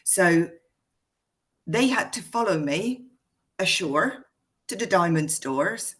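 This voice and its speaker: A woman from Hungary speaks with a mostly British accent, a little South African in it. Her voice sits low for a woman, and she tells her story in a relaxed, chatty way with plenty of ums. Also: takes it slowly. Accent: Hungarian-born, mixed British and South African. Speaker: guest speaker. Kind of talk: casual conversation on a video call.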